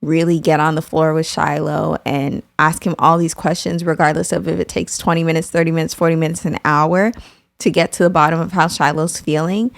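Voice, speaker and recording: A young woman with a lowish, gravelly voice, recorded close and dry. She speaks candidly and warmly appreciative of her partner in casual podcast talk. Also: level tone, a little fast, no room sound. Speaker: podcast co-host, mother. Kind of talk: casual conversation.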